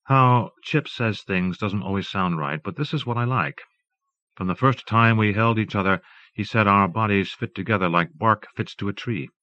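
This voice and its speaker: Low-voiced man reading an audiobook. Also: normal speed, bright, forceful tone, no echo. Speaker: audiobook narrator. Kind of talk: scripted narration. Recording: dull dry tape recording.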